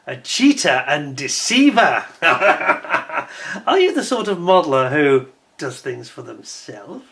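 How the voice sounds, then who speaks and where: A man doing an impression of a roguish upper-class English cad, with a posh English accent and a plummy, chuckling, drawn-out delivery. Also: a little high, sing-song, gravelly, a bit bright, full character voice. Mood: roguish, gleeful. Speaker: host.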